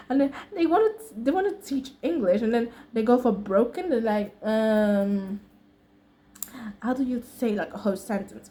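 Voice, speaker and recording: A woman's voice: medium pitch, a little mellow. A woman with an American accent telling a casual, slangy storytime vlog story and laughing often between sentences. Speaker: vlogger.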